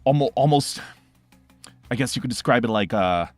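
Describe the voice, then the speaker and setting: A young man running a tabletop game as game master, narrating in an animated, fast way with sound effects and quick restarts. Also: mid-range voice, no room sound, faint music behind.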